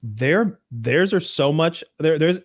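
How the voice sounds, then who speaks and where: A man's voice: fairly high pitch, lively intonation, slow pace, no echo, clean studio sound. A man co-hosting a podcast, telling a rambling, profane story in casual chat. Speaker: podcast co-host.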